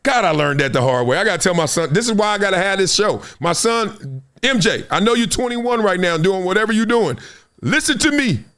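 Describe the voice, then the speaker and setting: Animated man in his fifties telling stories. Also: sits high, brisk, smooth. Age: 50s. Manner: animated, street slang, acts out quoted voices. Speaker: show host. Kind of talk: casual storytelling to camera.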